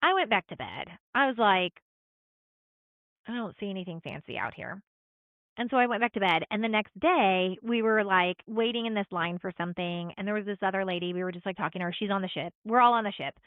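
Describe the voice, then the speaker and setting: A woman's voice: medium pitch, quick pace, hardly any pauses, no echo. A middle-aged woman co-hosting a podcast, telling a travel story in casual chat, full of "like" and acted-out quotes. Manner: storytelling with many likes and quoted asides. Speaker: podcast co-host. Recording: tinny phone-like sound.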